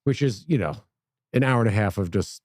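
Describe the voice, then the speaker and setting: A man's voice: fairly low pitch, fairly quick, no room sound, clean studio sound. A man, a podcast guest, telling a long story in casual chat, acting out the voices of the people in it. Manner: animated, acts out quoted voices.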